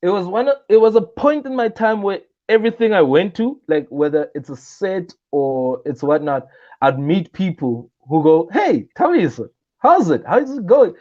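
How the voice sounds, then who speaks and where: On dull-sounding audio, a young South African comedian appears as an interview guest, speaking at a moderate pace in a slightly high voice. He tells stories animatedly in a casual way, acting out the voices of the people in them.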